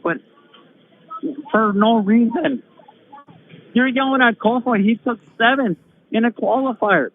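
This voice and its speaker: A man calling in to a live stream, telling a heated story in a casual, animated way and swearing freely. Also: very high voice, a little slow, pauses often. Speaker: guest caller. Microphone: phone call. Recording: tinny phone line with faint hiss.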